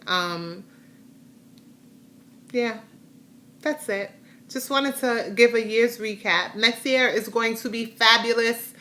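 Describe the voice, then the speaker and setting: A woman's voice: a little high, steady tone, a little slow, bright, forceful tone. A middle-aged woman chatting casually in a rambling, heartfelt way while giving a personal health update to her viewers. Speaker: vlogger sharing a health update.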